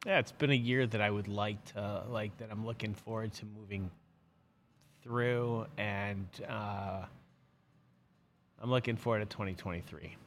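A man's voice: lowish voice, steady tone, a little slow, a little hiss or hum. A middle-aged man hosting a live show from his office, chatting casually with lots of fillers and restarts. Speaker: host of a live fishing subscription show. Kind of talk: casual live-stream chat.

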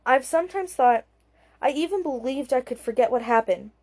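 A betrayed wife bursts out in bitter accusations, as a female narrator reads her lines. She stays raised and forceful throughout the quarrel. The voice is a fairly high, mellow woman's voice. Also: expressive, moderate pace, no echo. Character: angry hurt wife, middle-aged woman.

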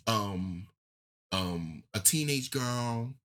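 A man, talking candidly and emotionally in casual conversation, his voice rising and falling as he tells a story. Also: very slow. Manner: emotional, candid storytelling with lively pitch swings.

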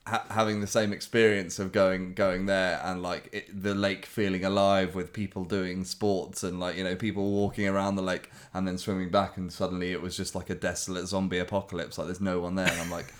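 Deep-voiced man with dry teasing humor. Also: flat delivery, fairly quick, hardly any pauses. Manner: dry teasing with frequent laughs and hesitations. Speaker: podcast co-host. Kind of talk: casual podcast chat.

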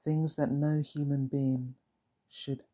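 A frightened young woman pleads softly for help in a storybook, as a narrator puts her on. Her voice is slow and breathy, each sentence fading out. She sounds fragile and hurt. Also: mid-range voice, flat delivery. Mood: pleading. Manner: soft, trailing, pleading.

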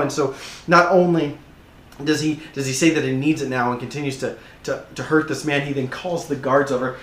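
A man's voice: mid-range voice, steady tone, brisk, fairly bright tone, reverberant. A man preaching a sermon, telling the story vividly with frequent restarts, in a church. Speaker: pastor.

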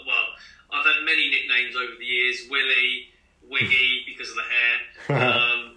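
A man's voice: mid-range voice, flat delivery, unhurried, bright, forceful tone. A man in his thirties from Scotland, chatting as a runner guest in an interview over a video call, laughing easily. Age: 30s. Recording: roomy and distant video call.

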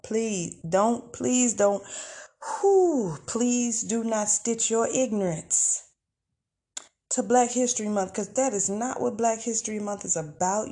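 A woman hosting a podcast, talking in a casual, expressive monologue with laughs and sighs. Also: medium pitch, gravelly. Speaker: podcast host.

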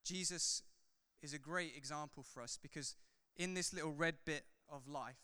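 A man who is a pastor, preaching a sermon in a church hall, swinging from loud fervor to soft, chatty asides. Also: fairly high pitch, normal speed, clean tone. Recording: long hall reverb.

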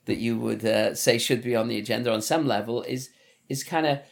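A man's voice: medium pitch, fairly quick, vocal fry. A man with a Liverpool accent, a podcast host and father, talking in a thoughtful, casual way with many restarts. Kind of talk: casual conversation.

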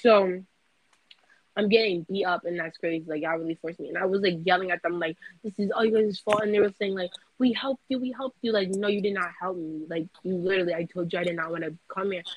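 A young woman on a casual podcast, telling a dream in an animated way, full of fillers. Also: fairly low pitch, quick pace, dry recording, muffled recording. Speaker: podcast co-host, student. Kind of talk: casual chat, storytelling.

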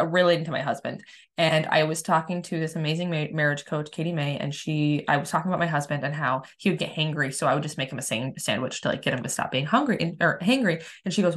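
Candid low-voiced woman healer talking. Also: fairly bright tone. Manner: candid and emphatic, swears freely, restarts sentences often; rises high and fast when acting out her past frustration. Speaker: energy healer. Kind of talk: casual personal monologue.

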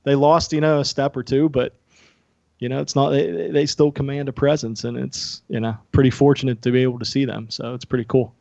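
A man from Pittsburgh, a podcast guest, talking in a relaxed, easygoing way in casual chat. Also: mid-range voice, a little fast, gravelly, no echo, muffled recording. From Pittsburgh, Pennsylvania. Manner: relaxed, easygoing, trailing fillers.

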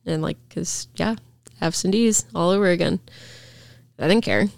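A woman's voice: on the low side, normal speed, vocal fry, dry recording, studio quality. A young woman, a podcast guest, rambling through a personal story with lots of fillers.

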